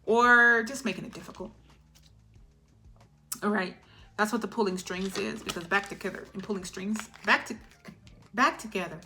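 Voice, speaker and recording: A middle-aged woman giving a casual tarot reading in a chatty way, clearing her throat and laughing often. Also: medium pitch, moderate pace, long pauses, bright, forceful tone, faint music behind. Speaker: tarot reader.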